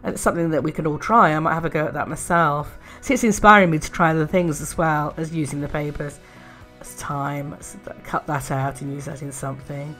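A woman chatting casually in a craft haul video, gushing with soft admiring murmurs and little laughs. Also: low voice, steady tone, fairly quick, soft background music. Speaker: art and craft vlogger.

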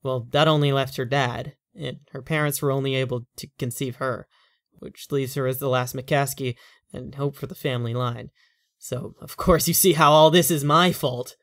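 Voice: medium pitch, fairly even intonation, moderate pace, no room sound, lightly acted. Brief: reader doing a stressed, venting man in his thirties, weary rambling delivery, dry close recording. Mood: bitter. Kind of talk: horror story reading.

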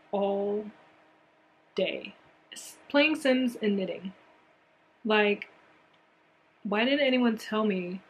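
A woman's voice: medium pitch, slightly rough. A woman chatting casually in a knitting vlog, rambling with lots of fillers and talking with a slight lisp from a swollen palate. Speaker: knitting vlogger. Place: at home at a desk with a laptop.

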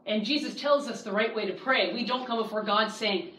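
A woman in her thirties teaching a Bible study class, lively and acting out the voices she quotes. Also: a little high, moderate pace, few pauses. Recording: echoey room, distant mic, faint hiss.

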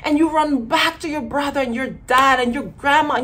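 A woman's voice: high-pitched, brisk, few pauses, fairly bright tone. A woman giving a casual commentary monologue as a vlogger, emphatic and acting out quoted voices.

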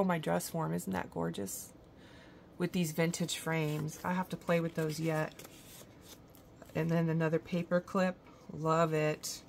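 Gushing low-voiced woman, slightly gravelly. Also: darkish tone, a little hiss or hum. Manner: gushing, admiring. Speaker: craft channel host. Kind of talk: show-and-tell unboxing vlog.

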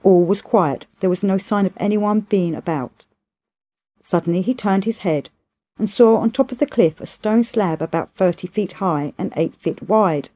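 A woman reading a classic novel aloud as steady, measured storybook narration. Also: mid-range voice. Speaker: audiobook reader.

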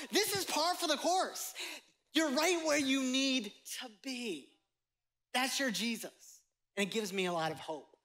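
A man's voice: very high voice, sharp tone. Pastor guy preaching to a room full of people, chatty, jokes around, leans hard on the big points. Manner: conversational, joking with congregation, emphatic. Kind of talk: sermon. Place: church sanctuary with live congregation.

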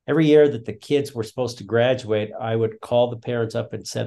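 A man's voice: mid-range voice, brisk, vocal fry, warm tone. An older man, a retired school principal, telling long, earnest stories as a guest in an interview. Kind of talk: reflective interview storytelling.

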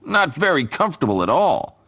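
An eager storybook scarecrow, voiced by a man, chirping high and bouncy with wide swoops of pitch. He sounds delighted by everything, a cheerful straw man in a children's tale. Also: a little fast, husky, exaggerated voice. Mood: excited. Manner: excited, squeaky.

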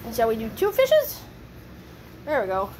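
A woman's voice: on the high side, huge pitch swings, normal speed. A woman who breeds dogs, talking to her puppies in playful sing-song baby talk, cheering and praising them while she films in an indoor puppy pen. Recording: noisy room with puppies.

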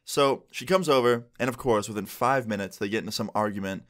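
A young man telling a story casually for his vlog, animated and full of fillers. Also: lowish voice, fairly quick. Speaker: vlogger.

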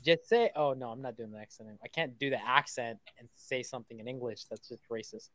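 A young woman hosting a casual live stream, excitable and jokey, swearing freely and teasing herself. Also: extremely low pitch, a little fast, no echo. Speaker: streaming host making sales calls.

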